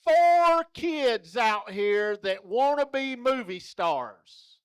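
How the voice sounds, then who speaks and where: A man entertaining a rodeo crowd with a strikingly high voice. He talks slowly and clearly, folksy and joking as he coaxes children along. The sound is close and dry. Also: animated, dry recording. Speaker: rodeo entertainer running a kids' contest. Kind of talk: lively arena crowd-work. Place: rodeo arena.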